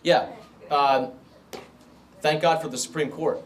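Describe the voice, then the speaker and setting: A man's voice: fairly high pitch, fairly even intonation, slow, heavy background noise. A middle-aged man giving an emphatic rally speech and answering questions as a political candidate. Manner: emphatic, repetitive stump-speech delivery. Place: club meeting room.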